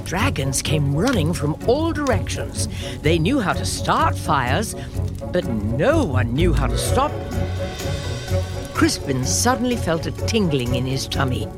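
A woman host reading a children's storybook aloud, gentle and lively in pitch. Her voice is slightly low and unhurried, with a music bed playing underneath.

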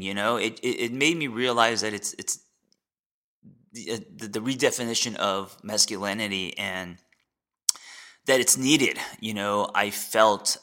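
A man in his forties, a podcast host and therapist, sharing a candid personal story in a reflective, halting way with many fillers and restarts. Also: lowish voice, pushed and bright. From United States.

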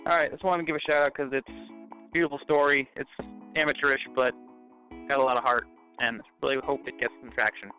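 A man's voice: mid-range voice, fairly even intonation, fairly quick. A man leaves a casual, earnest voicemail and stumbles over the odd filler. His voice comes through a tinny phone line. A little music plays faintly behind. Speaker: voicemail caller.

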